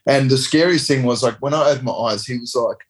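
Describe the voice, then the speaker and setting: A man's voice: medium pitch, fast talker, breathy edge. A man in his thirties, a rugby player, telling a rambling, laid-back story with casual swearing in an interview. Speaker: professional rugby player guest.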